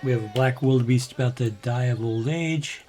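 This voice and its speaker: An older man with a gravelly voice, casually commentating as he plays a game, now and then clearing his throat. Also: medium pitch, moderate pace, slight background noise. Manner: relaxed, chatty, frequent throat clearing. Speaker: gaming channel host. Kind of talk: let's play commentary.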